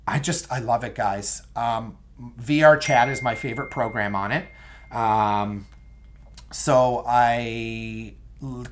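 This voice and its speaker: A young man hosting a solo podcast, chatting casually and enthusiastically with many ums and asides to his listeners. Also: mid-range voice. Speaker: podcast host.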